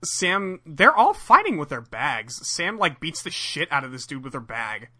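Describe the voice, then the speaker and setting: A podcast co-host in casual chat, retelling a cartoon episode in an animated way and laughing often. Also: mid-range voice, moderate pace, slightly rough. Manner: animated storyteller, laughs often, retells scenes with quoted voices.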